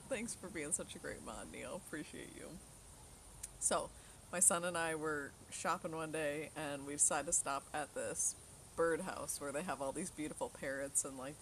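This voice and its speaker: Lively, gravelly-voiced young woman streaming outdoors. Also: low voice, a little hiss or hum. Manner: chatty storyteller who laughs often and reads chat aloud. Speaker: live streamer. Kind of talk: casual chat with viewers. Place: outdoors in the sun. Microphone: phone.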